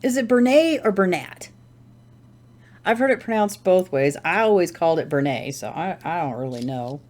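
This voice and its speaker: A woman's voice: low-pitched, brisk, darkish tone. A woman hosting a crafting channel, chatting casually at home while she knits, rambling and correcting herself as she thinks aloud. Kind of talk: casual chat while knitting.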